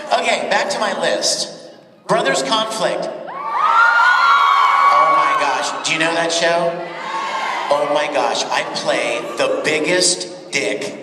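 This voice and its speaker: A high-voiced man appears as a voice-actor guest on a convention panel, telling stories in an animated, chatty way and laughing often during the Q&A. He's recorded from far off in a large, echoey panel hall, with crowd and room noise in the background.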